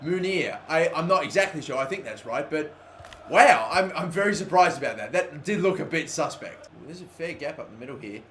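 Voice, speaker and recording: A young man giving live commentary over a football video game, excitable and swearing loudly at the game. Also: fairly high pitch, a little fast, a little hiss or hum. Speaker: gaming YouTuber.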